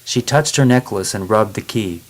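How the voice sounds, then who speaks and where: A man narrating a chapter of a travel novel in a steady, plain reading voice. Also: fairly low pitch, moderate pace. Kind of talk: storybook narration.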